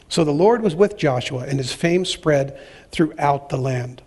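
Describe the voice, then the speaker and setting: A man's voice: fairly high pitch, lively intonation, measured pace, a little mellow, breathy edge. A man preaching a sermon and reading scripture aloud, with dramatic pacing and emphatic, acted-out quotes. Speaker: pastor.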